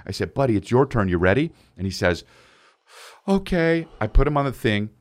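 A man's voice: fairly low pitch, expressive, fast. A man co-hosting a podcast, telling a long casual anecdote full of quoted dialogue. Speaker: podcast co-host. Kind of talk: casual storytelling chat.

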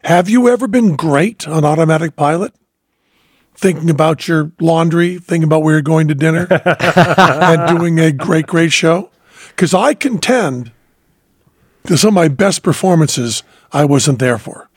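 A man's voice: on the high side, a little slow, husky, no echo, studio quality. A man hosting a podcast, telling stories in a reflective way with many fillers and restarts. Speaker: podcast host. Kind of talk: casual conversation.

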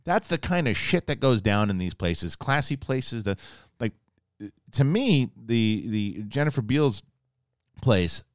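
A man giving a casual, rambling spoiler review, animated and joking, acting out characters' lines now and then, with some swearing. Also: mid-range voice, measured pace, no room sound, studio quality. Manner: rambling, conversational, mild swearing. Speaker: TV show reviewer.

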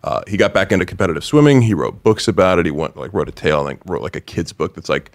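A man's voice: low voice, lively intonation, fast talker. A man telling a story in casual podcast chat, rambling and hesitant with lots of fillers.

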